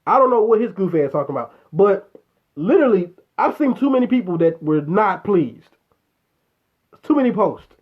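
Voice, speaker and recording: A man with a high-pitched voice hosts a casual live chat show, ranting bluntly and swearing freely as he answers a viewer. His talk is full of restarts and exasperated asides. The sound is dull and lo-fi, like a home stream. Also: very animated, normal speed, breathy edge. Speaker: show host.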